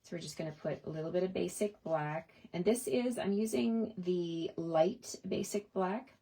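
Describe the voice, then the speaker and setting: A woman's voice: lowish voice, moderate pace, dark tone, breathy edge. A middle-aged woman in a casual, chatty craft tutorial, talking through her stamping steps at a desk and often asking "right?". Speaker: card-making demonstrator.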